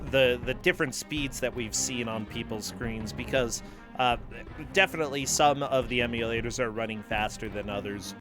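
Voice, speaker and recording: A man co-commentating a game stream, chatty with joking asides. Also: medium pitch.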